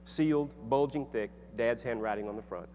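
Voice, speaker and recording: A middle-aged man tells a personal story to an audience, earnest and conversational, stumbling over a word now and then. His mid-pitched voice echoes around a hall with long reverb. A faint hum sits behind him. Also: normal speed, dark tone. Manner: conversational, earnest, with restarts and fillers. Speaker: speaker and author.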